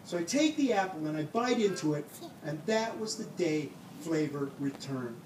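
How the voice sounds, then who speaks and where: A man's voice: on the high side, lively intonation, moderate pace, darkish tone. A man telling a personal story on stage with comic timing, acting out the dialogue. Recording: echoey room, heard from a distance, audible noise.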